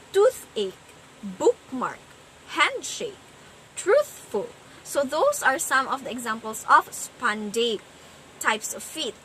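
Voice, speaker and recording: Slow, high-voiced woman presenting a lesson. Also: sharp tone, slight background noise, rough recording. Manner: slow, explanatory, sounds out stress patterns. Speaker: student presenter. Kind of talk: class presentation on poetry.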